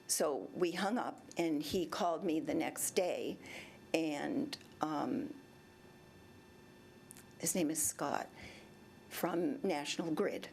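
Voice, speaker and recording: In a city council chamber, a woman in her seventies speaks during public comment, rambling through a personal complaint and acting out both sides of past conversations. Her voice is low, slow and creaky, with frequent pauses and a slightly mellow quality. There's a little background noise.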